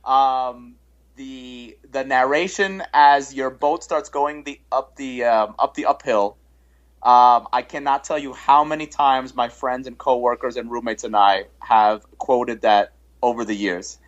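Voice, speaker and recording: A man's voice: mid-range voice, fairly even intonation, unhurried, lo-fi sound. A man co-hosting a podcast in casual chat, eager and agreeable, often repeating himself. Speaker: podcast co-host.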